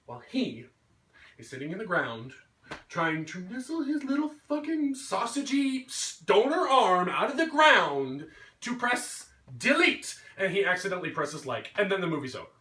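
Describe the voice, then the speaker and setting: A man's voice: high voice, sing-song, normal speed, bright, forceful tone. A man giving an angry, swearing rant about a movie, mocking characters in put-on voices. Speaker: vlogger. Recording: roomy echo, mic at a distance.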